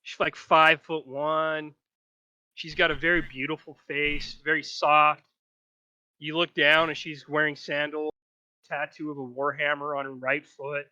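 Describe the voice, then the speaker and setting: Bright-voiced male game master. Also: a little high, measured pace, no room sound, highs cut off. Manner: lively, descriptive narration. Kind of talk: narrating a tabletop game.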